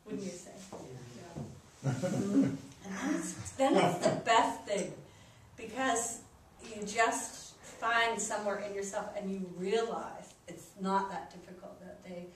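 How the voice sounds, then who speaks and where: A woman's voice: mid-range voice, slow pace. A woman, a psychiatrist guest, telling a personal story with lots of laughter. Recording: echoey room from a distant mic with background noise.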